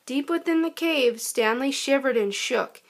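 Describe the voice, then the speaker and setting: High-voiced woman reading a kids' story. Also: a little slow. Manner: gentle, expressive storytelling. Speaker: storybook narrator. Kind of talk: children's storybook read-aloud.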